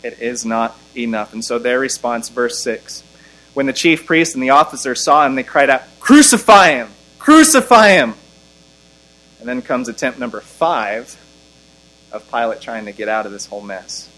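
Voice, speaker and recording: A man's voice: fairly bright tone, rough recording. A man preaching an expository sermon, reading scripture aloud and pressing his points with rising force. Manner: emphatic, rising in pitch and volume on key lines, slowing to stress scripture.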